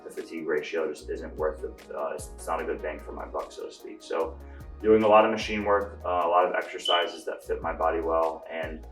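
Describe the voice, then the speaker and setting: A man's voice: very deep voice, fairly quick, far from the mic. A young man giving a casual bodybuilding vlog update, explaining at ease with lots of fillers. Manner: relaxed, explanatory, with frequent fillers. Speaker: bodybuilder answering viewer questions. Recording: echoey room, voice from off the mic, faint music.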